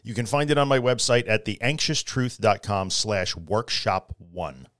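A man's voice: on the low side, a little slow, a bit bright, no echo, studio quality. A middle-aged man hosting a solo podcast, talking casually but earnestly and repeating his key phrases for emphasis. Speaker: podcast host.

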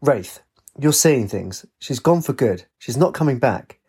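A man with a husky voice playing a stern, weary ship captain in a storybook reading. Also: mid-range voice, expressive, measured pace, mellow, full character voice.

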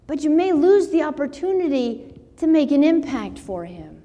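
A woman preaching a sermon slowly and earnestly, her voice rising into pleading when she quotes scripture. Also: high voice, big pitch swings, mellow. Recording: long hall reverb.

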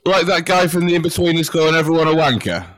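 A man's voice: on the high side, fast talker, a bit bright, no room sound. A man co-hosting a podcast, telling stories bluntly with plenty of swearing. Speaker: podcast co-host. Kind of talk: casual chat.

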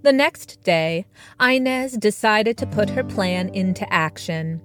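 A woman narrating a children's story she wrote, slow and expressive, recorded close and dry. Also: medium pitch, soft background music. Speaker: storyteller and author.

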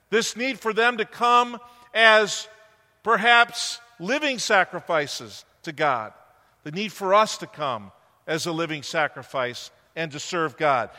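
A man with a high, bright voice delivers a sermon to his congregation. He preaches conversationally and puts questions to the listeners. A long reverb from the church hall trails behind his words. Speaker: pastor. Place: church sanctuary.

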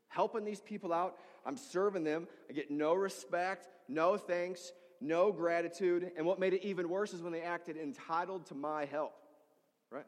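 A middle-aged male pastor delivers a sermon in a reverberant church hall. His voice sits slightly high for a man. He tells stories with animation and briefly acts out the people in them.

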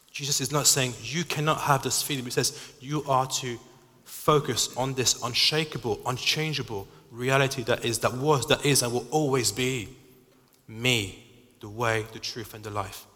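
A man gives a sermon in an earnest, halting way. He often restarts his phrases. His voice is bright and forceful, and a long hall reverb trails behind it. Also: medium pitch. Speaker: preacher.

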